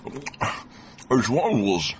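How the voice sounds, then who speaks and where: A man voicing a friendly village cobbler who talks through a mouthful of food, muffled and slow. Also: medium pitch, sing-song, a little hiss or hum, pitched above the performer's own voice.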